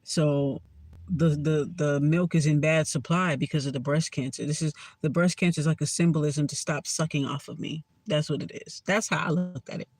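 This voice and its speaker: A woman's voice: low-pitched, fairly even intonation, moderate pace, darkish tone, no echo. A woman tarot reader telling a story in a casual vlog, talking bluntly, sarcastically and with plenty of swearing.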